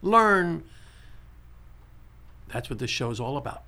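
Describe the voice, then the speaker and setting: A man hosting a casual radio talk show, who repeats key points and slows right down to spell out numbers. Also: on the high side, sing-song, sharp tone.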